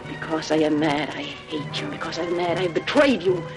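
A woman's voice: sits low, steady tone, normal speed, gravelly, over music. An actress playing a betrayed wife who turns on her deceiver with bitter scorn, in 1940s film acting, heard from an old soundtrack. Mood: bitter triumph.

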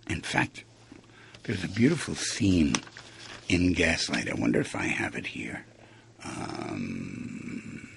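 A man's voice: lowish voice, vocal fry, a bit bright, slightly rough. A man hosting a radio talk show, musing aloud, asking rhetorical questions and acting out quoted lines. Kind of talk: reflective monologue on relationships.

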